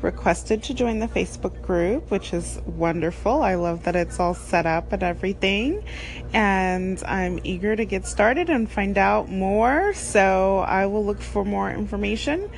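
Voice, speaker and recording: A woman's voice: mid-range voice, lively intonation, measured pace, vocal fry, slight background noise, poor audio. Female caller, eager and helpful, faint room ambience. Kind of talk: voice message.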